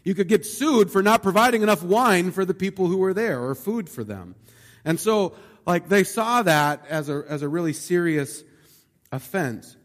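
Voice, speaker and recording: A man's voice: high-pitched, expressive, normal speed. A man preaching a sermon in a loose, conversational way, full of asides and rhetorical questions. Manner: conversational, uses many fillers like "like" and "right?". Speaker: pastor. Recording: long hall reverb.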